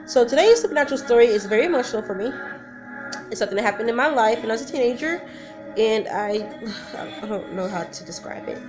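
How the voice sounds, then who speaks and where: A woman with a fairly high, expressive voice talks fast as she tells a personal story in a casual vlog from home. Nervous and emotional, she rambles and often breaks off mid-sentence. Her camera mic also picks up a song playing loudly in the background.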